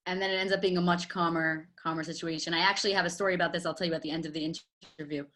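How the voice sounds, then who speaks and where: Woman host, rapid and bright, keeps the interview moving. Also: on the low side, fairly even intonation. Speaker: podcast host. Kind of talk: interview questions.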